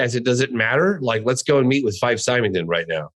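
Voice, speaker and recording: A man's voice: mid-range voice, lively intonation, fast talker, a bit bright, poor audio. Emphatic storytelling man. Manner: earnest, emphatic, insists he is telling the truth. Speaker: guest, documentary filmmaker. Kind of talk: animated storytelling.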